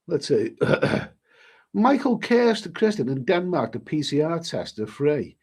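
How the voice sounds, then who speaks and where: A man's voice: on the high side, big pitch swings, a little slow, darkish tone, slightly rough. A middle-aged man with a British accent chatting casually on a livestream, rambling with restarts and mild swearing. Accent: British English. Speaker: travel vlogger hosting a livestream. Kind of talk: casual livestream chat reading viewer messages.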